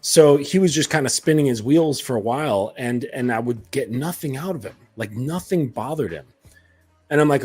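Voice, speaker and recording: A man's voice: mid-range voice, moderate pace, darkish tone, breathy edge, soft background music. A man coaching other men in a casual monologue, blunt and profane, with many fillers. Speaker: dating and self-improvement coach.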